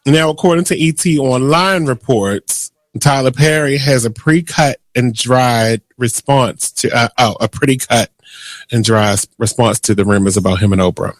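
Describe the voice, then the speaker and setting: A man's voice: mid-range voice, normal speed, no room sound. A man hosting a radio show who jokes around and laughs at his own bits. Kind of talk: casual radio talk.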